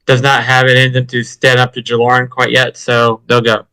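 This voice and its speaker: Bright, crisp-voiced man playing a tabletop game. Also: medium pitch, monotone, normal speed, no room sound, rough recording. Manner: describes his character in third person. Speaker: player.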